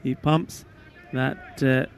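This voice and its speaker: A man giving relaxed, appreciative cricket commentary alongside a colleague. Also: mid-range voice, drawn-out words, slight background noise. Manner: relaxed, appreciative, laughs easily. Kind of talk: live sports commentary.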